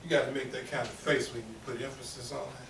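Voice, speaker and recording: A man preaching a sermon in call-and-response style, emphatic and lively. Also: mid-range voice, fast, gravelly. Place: temple meeting hall. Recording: roomy, distant audience recording with faint noise.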